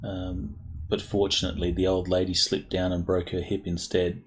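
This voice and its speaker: A man's voice: low voice, completely flat delivery, moderate pace. A man running a tabletop role-playing game as game master, narrating with frequent ums and hesitations.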